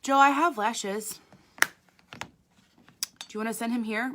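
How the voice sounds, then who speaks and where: A woman's voice: on the high side, measured pace, bright, forceful tone, slight background noise. A woman makeup artist giving a chatty live makeup tutorial, talking straight to her viewers.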